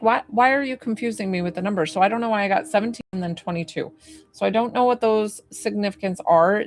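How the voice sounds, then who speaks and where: A woman's voice: mid-range voice, no echo. Tentative, chatty woman medium. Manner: rambling and tentative, full of "like" and questions to the sitter; gently reassuring when she relays comfort. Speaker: psychic medium. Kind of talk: live spirit reading for a client.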